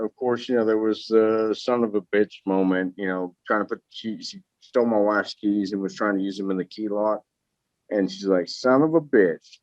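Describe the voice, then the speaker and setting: Podcast guest, male, lively swearing storyteller, dry lo-fi mic. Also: fairly low pitch, dry recording. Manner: profane, animated anecdote telling.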